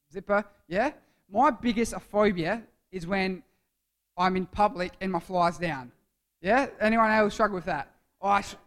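High-voiced playful youth preacher, a man. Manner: playful, jokey, quizzes the audience. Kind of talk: interactive youth sermon.

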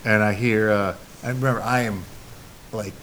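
A man's voice: lowish voice, steady tone, moderate pace, a bit bright, slight background noise. A man in casual chat, telling stories with dry humor.

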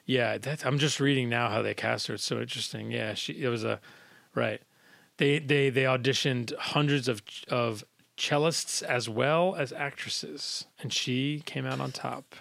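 A man's voice: mid-range voice, a little slow, creaky, fairly bright tone, dry recording. A man hosting a casual film podcast over a video call, rambling and cutting himself off, laughing easily. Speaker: podcast host. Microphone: video call recording.

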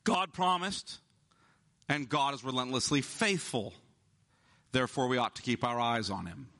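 A male pastor preaching an emphatic sermon, slowing down to stress key words. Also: mid-range voice, bright, forceful tone.

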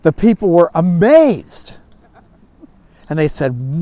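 A man teaching a Bible class, telling stories in a folksy, animated way with frequent chuckles. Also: on the high side, normal speed, no room sound. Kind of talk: storytelling Bible lesson.

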